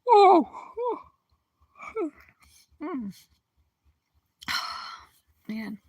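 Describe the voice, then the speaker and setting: A woman's voice: high voice, very animated, drawn-out words, a little mellow, no room sound. A woman hosting a livestream, chatting casually and greeting viewers by name, giggling often and sounding a bit drowsy. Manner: drowsy, yawning. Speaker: livestream host. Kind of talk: casual chat with live viewers.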